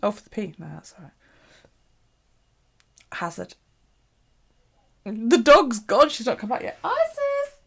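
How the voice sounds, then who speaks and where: A woman's voice: fairly high pitch, lively intonation, measured pace, gravelly, pauses often. A woman hosting a late-night livestream, chatting casually, laughing often and swearing freely as she rambles. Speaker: bullet-journal livestream host. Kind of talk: casual live-stream chat.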